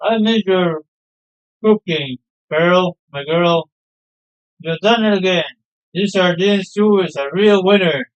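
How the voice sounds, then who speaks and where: A hearty, proud fisherman father from a game, homely and sentimental as he spins his stories, read aloud by a man. The voice sits fairly high and sounds smooth and clear. The recording is dull and lo-fi. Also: slow pace, long pauses. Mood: cheerful. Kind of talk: reading game dialogue aloud.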